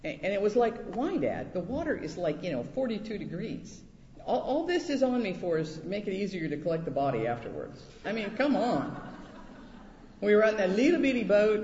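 A man preaching a sermon, telling a personal story and acting out quoted voices with lively pitch jumps. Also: slight background noise. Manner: animated, acts out quotes in high voices. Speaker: pastor. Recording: echoey hall, dull lo-fi sound.

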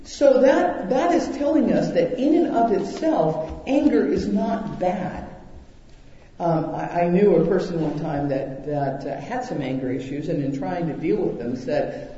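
A man's voice: high voice, measured pace. A man preaching a sermon, telling stories animatedly and acting out the voices in them. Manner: animated storytelling with acted-out quotes. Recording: echoey hall, dull lo-fi sound.

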